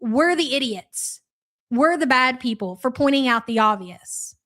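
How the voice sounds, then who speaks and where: A woman's voice: high voice, lively intonation, measured pace, a bit bright. A woman hosting a live reaction stream, commenting sarcastically and reading out viewer messages. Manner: sarcastic, reads out chat messages. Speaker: host.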